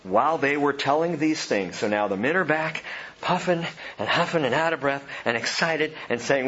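A man preaching a sermon, animated, swinging from loud emphatic lines to soft hushed ones. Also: a little high, moderate pace, lo-fi sound. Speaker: pastor.

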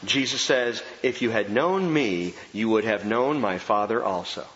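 A man preaching a sermon as pastor, emphatic and animated, repeating key phrases for effect. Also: on the low side, measured pace, a little hiss or hum. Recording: dull sound with long hall reverb.

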